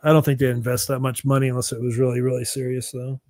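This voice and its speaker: A man's voice: mid-range voice, monotone, quick pace, a little mellow, no room sound, studio quality. A man talking on a casual livestream panel, musing hesitantly with plenty of fillers. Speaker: panel guest.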